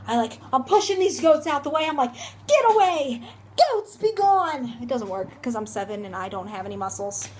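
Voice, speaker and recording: A young woman telling a story for her vlog in a dramatic, animated way, recorded on a phone camera. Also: on the high side, fast talker, hardly any pauses, slight background noise. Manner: dramatic, animated, shrieks when reenacting. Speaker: vlogger.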